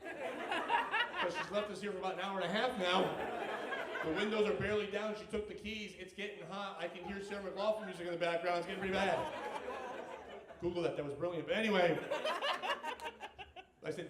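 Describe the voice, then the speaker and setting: A man working a comedy club stage, spinning a story with foul-mouthed, animated energy. His voice sits high for a man and reaches the mic from some distance. The room is echoey and full of audience laughter. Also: a little fast, a crowd in the background. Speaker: stand-up comedian. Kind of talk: stand-up comedy set.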